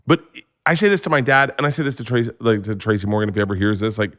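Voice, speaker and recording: A man in his forties, a comedian, telling stories in a casual interview, profane and animated, acting out what people said. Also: on the low side, very fast. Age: 40s. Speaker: comedian guest. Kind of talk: casual storytelling chat.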